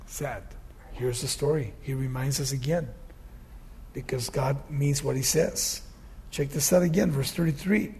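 Brief: male pastor, sermon, husky and gravelly, loud scripture reading broken by low asides. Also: unhurried, pauses often. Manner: swings from loud emphatic scripture reading to quiet conversational asides.

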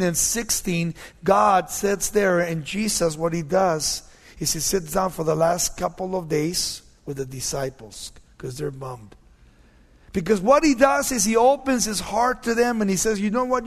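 Pastor guy preaching, fairly high voice, lively storytelling, echoey hall. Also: a little slow. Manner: animated storytelling, drops to hushed tones. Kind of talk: sermon.

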